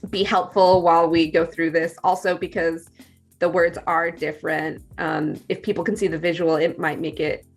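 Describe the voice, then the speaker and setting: Chatty Californian woman, low voice. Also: little pitch movement, normal speed, faint music behind. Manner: chatty, many fillers and restarts. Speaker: guest teacher. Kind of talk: casual conversation.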